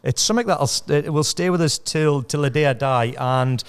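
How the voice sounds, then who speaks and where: A man in his forties with a Geordie accent, a former footballer guesting on a podcast and telling lively anecdotes with chuckles. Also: on the high side, moderate pace, smooth. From Whitley Bay, North East England. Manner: lively anecdotal storyteller, chuckling through tales. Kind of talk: casual podcast chat.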